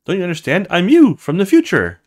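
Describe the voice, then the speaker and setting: A man's voice: high-pitched, wildly swooping pitch, brisk, a little mellow, pitched above the performer's own voice, heavily acted. A man voicing a worn-out thirty-year-old woman in a video game, speaking ruefully and sardonically. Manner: rueful, sardonic, self-pitying. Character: weary 30-year-old woman, her own future self.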